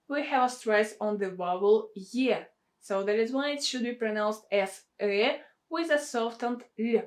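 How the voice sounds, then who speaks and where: Slow, careful woman teaching pronunciation. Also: fairly high pitch. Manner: repeats example words slowly and carefully. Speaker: language teacher. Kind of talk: pronunciation lesson.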